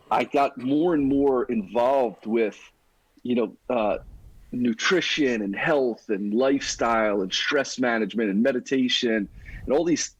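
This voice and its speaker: A middle-aged man, a podcast guest, telling his life story in an energetic, casual, buddy-like way. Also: mid-range voice, breathy edge, no echo, poor audio. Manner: energetic, talks like a buddy, says "dude".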